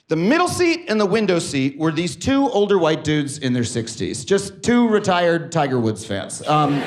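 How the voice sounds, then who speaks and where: A man performing a stand-up comedy set on a theater stage, telling stories with acted-out quotes. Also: high-pitched. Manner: animated storytelling with acted-out quotes. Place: theater stage before a live audience. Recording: live audience laughter behind.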